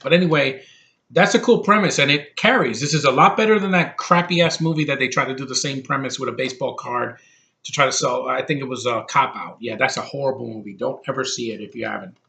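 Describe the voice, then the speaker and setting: With a mid-range voice that is creaky, bright, and forceful, a man delivers a loose, wandering film review. He doesn't hold back his opinions or his swearing, and his speech is halting, littered with fillers and false starts.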